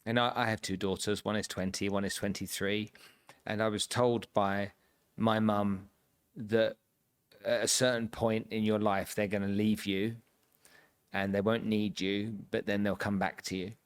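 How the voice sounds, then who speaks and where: A man's voice: on the low side, flat delivery, a little slow, clear, resonant tone. A man, the host, talking thoughtfully and earnestly in a casual interview. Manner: earnest and thoughtful, rambling with fillers. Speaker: podcast host.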